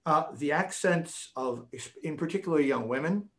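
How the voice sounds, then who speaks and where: A man's voice: fairly high pitch, moderate pace, a bit bright. An older man with a light New England accent talks casually as a guest on a video call. He rambles from one story to the next, joking along the way. He often restarts his sentences mid-thought. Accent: light Boston-area New England. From New England, USA. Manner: chatty, rambling, jokey with restarts. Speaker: guest pianist. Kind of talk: casual chat.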